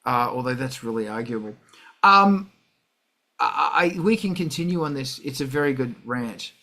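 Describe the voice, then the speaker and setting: A man's voice: mid-range voice, lively intonation, moderate pace, pushed and bright. A middle-aged man hosting a music livestream, talking casually and ranting with heavy swearing.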